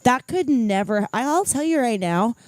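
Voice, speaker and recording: A woman's voice: fairly high pitch, lively intonation, unhurried, dry recording. A woman co-hosting a casual chat, supportive and reassuring, often laughing. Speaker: podcast co-host.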